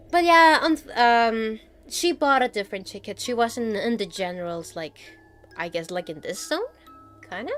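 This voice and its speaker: A woman in her twenties chatting casually on her stream, telling a story with lots of giggles and excited exclamations. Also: fairly high pitch, a little slow, soft background music. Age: 20s. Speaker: VTuber streamer.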